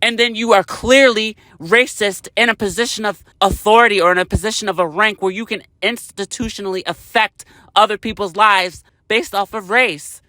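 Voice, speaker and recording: High, sharp-voiced man ranting angrily. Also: moderate pace, hardly any pauses, no echo, clean studio sound. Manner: heated, profane, emphatic. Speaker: vlogger. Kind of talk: angry political rant.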